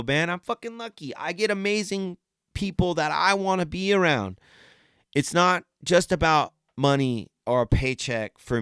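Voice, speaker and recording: A man hosting a podcast, talking in a rambling, excited way, swearing often and laughing between stories. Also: medium pitch, clear, resonant tone, dry recording, clean studio sound. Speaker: podcast host. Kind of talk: casual chat.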